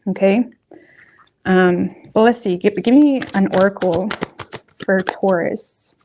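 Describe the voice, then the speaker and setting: A woman's voice: mid-range voice, slow, noisy background. A woman giving a casual tarot reading, talking straight to her viewers in a loose, rambling, colloquial way. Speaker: tarot reader.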